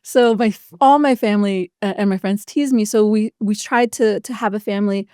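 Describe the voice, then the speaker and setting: A woman's voice: medium pitch, mellow, smooth, no room sound, clean studio sound. A woman in her thirties, a podcast guest talking casually and chattily, full of "like" and acted-out quotes. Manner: chatty, quick, lots of likes and quoted dialogue. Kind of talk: casual interview chat.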